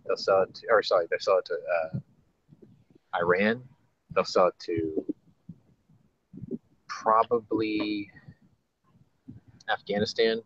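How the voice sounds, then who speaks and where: A man's voice: fairly low pitch, takes it slowly, pauses often, fairly bright tone, husky. A man hosting a casual podcast chat, rambling and profane, often restarting his sentences. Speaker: podcast host. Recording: dull lo-fi with faint noise.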